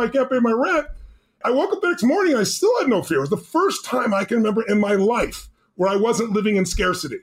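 A man telling a story as a podcast guest, animated and emphatic, acting out the quotes. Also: high voice.

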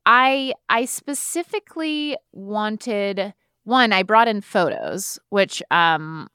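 Woman podcast co-host, smooth and playful, dry remote recording. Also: mid-range voice, expressive, slow pace, sharp tone, no echo. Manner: self-deprecating, playful. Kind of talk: casual chat. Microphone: remote recording, dry sound.

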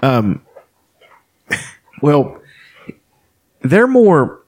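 Man, rambling, laughs a lot, animated pitch. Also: very slow, dry recording. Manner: rambling, laughs often, profane. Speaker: podcast co-host. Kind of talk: casual chat.

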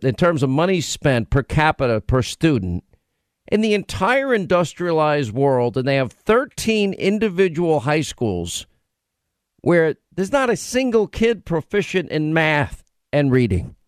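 Guy ranting on talk radio, sarcastic, kinda high voice, dry close sound. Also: very animated, a little slow, smooth, no echo. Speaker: radio talk show host.

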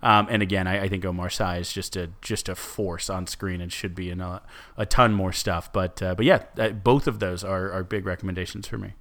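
A man's voice: sits low, fairly even intonation, brisk, a bit bright. A young man co-hosting a podcast, chatting casually and rambling with lots of fillers and restarts. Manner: rambling, restarts often, many "like"s and "um"s. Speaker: podcast co-host.

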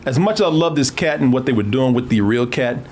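A man's voice: mid-range voice, expressive, quick pace, darkish tone, a little hiss or hum. A man hosting a movie reaction show in casual chat, laughing often, swearing and restarting his sentences. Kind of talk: casual film commentary chat.

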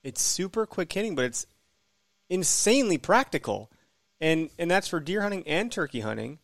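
A man with a Wisconsin accent hosting a casual podcast interview, upbeat and friendly with quick banter. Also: a little high, sing-song, vocal fry, a bit bright, no echo, clean studio sound. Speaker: podcast host.

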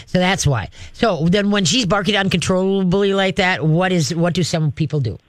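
A man's voice: sits high, moderate pace, no echo. Folksy radio dog-training host, man. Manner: folksy, direct, demonstrates commands with growls. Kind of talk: call-in radio advice.

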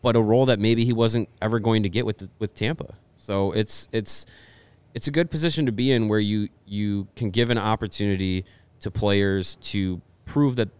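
A man co-hosting a podcast, talking sports in a relaxed, rambling way with many restarts. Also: on the low side, normal speed, smooth, dry recording. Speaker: podcast co-host. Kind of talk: casual sports talk.

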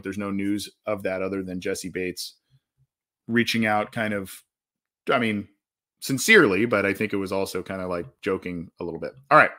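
A man's voice: medium pitch, fairly bright tone. A man hosting a sports podcast, talking casually and rambling, with many restarts and fillers. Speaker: podcast host.

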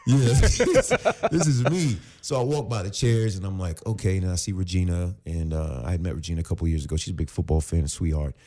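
A man's voice: low-pitched, a little fast, few pauses. A man around forty, an actor and former pro football player, telling stories as a podcast guest and acting out both sides of the conversations. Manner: animated storyteller who acts out both sides of conversations. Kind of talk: casual storytelling interview.

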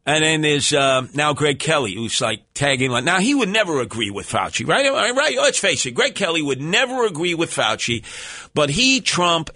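Brash, lively New radio host. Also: male voice, on the high side, dry recording. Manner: brash, swaggering, loud outbursts. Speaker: radio talk show host. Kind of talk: animated storytelling call-in radio.

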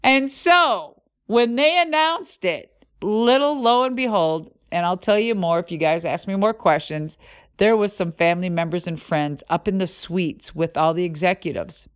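A middle-aged woman hosting a podcast, telling a racing story in a lively, profane way with vocal sound effects. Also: lowish voice, normal speed, clear, resonant tone. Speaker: podcast host and former monster truck driver.

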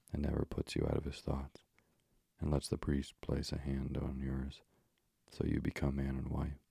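A man voicing a hideous, scornful old sea witch in a storybook reading, with slow, gravelly menace. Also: very deep voice, dark tone, no echo, clean studio sound, heavily acted.

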